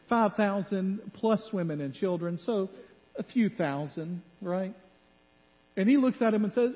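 In a church sanctuary, a male pastor with a high-pitched voice preaches at a moderate pace. He tells animated stories, acting out each quoted voice. The sound is muffled with a long hall reverb.

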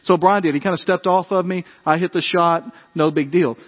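A man preaching a sermon, telling animated family stories in a conversational way and acting out the voices. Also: high-pitched, a little fast, in a large hall, muffled recording. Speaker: pastor. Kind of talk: sermon storytelling.

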